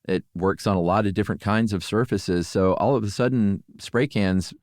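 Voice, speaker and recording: Middle-aged man, low voice, relaxed rambling chat, dry sound. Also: moderate pace, dry recording. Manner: relaxed, rambling, full of fillers. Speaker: podcast co-host and ad reader. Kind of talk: casual chat.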